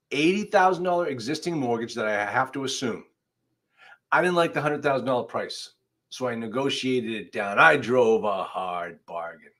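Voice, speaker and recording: An attorney with a pushed, bright, mid-range voice hosts a live online legal class. He speaks straight to his viewers, keeping it conversational while pressing his points emphatically.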